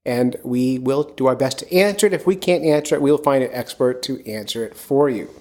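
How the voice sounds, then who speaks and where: A man from near Philadelphia hosts a fishing podcast in an easygoing, rambling way. He talks at an ordinary middle pitch and speeds up in quick bursts. He often loops back on his words. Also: darkish tone. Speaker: podcast host and fishing guide. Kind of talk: casual podcast chat.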